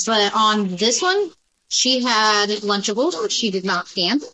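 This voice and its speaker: A woman's voice: mid-range voice, expressive, a little slow, background noise. A woman, a store coworker, explaining in a matter-of-fact casual way. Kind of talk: casual chat.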